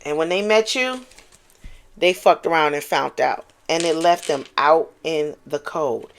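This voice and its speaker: A woman giving a casual tarot reading, animated and profane, who exclaims and repeats lines for emphasis. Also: deep voice, unhurried, vocal fry, a little hiss or hum. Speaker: tarot card reader.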